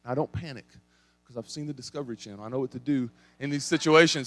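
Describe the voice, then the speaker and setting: A man's voice: quick pace, dry recording, faint music behind. Man, East Tennessee accent, pastor, sermon storytelling, mid-range voice, dry close sound. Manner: storytelling with lively swings in volume and pitch.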